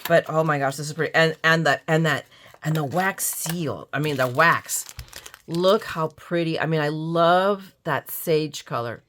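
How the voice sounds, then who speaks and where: A woman's voice: sits low, a little slow, a bit bright, slight background noise. A middle-aged woman vlogging casually as she unboxes craft supplies, gushing and exclaiming as she talks and often restarting her sentences.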